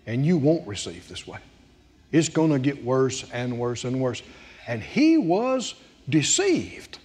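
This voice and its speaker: A man's voice: medium pitch, big pitch swings, takes it slowly, a little mellow, husky. A male preacher delivering a dramatic sermon, acting out scripture scenes and hammering his points with repetition. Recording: long hall reverb.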